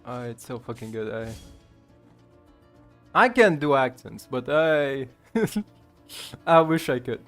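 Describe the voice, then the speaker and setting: Ukrainian-accented male gamer, mid-pitched, loose rambling commentary, faint game music. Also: expressive, takes it slowly, long pauses. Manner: rambling, chuckling, swears often. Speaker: gamer streamer. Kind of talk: casual gameplay commentary.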